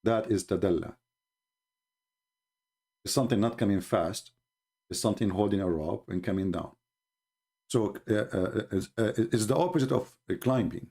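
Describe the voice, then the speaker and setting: A man giving live-streamed commentary in an emphatic, scornful, mocking manner, often halting with fillers and restarts. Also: lowish voice, warm tone, breathy edge.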